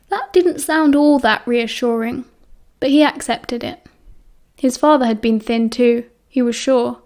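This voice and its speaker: Brief: British woman, audiobook reader, slightly higher voice, steady storytelling pace. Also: a little slow. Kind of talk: fan fiction audiobook narration.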